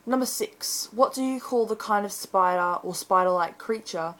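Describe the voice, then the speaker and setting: A woman's voice: mid-range voice, moderate pace, fairly bright tone, poor audio. A teenage girl from Brisbane with an Australian accent, chatting casually and rambling with frequent ums in an accent-tag video, recorded on a webcam. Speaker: vlogger.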